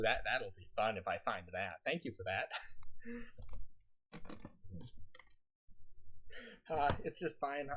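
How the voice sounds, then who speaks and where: A man's voice: a bit bright, husky. Rambling, laughing male streamer. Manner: rambling, laughs often and talks on in a raised pitch. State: slightly scratchy throat. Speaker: game streamer. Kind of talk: casual chat to stream viewers.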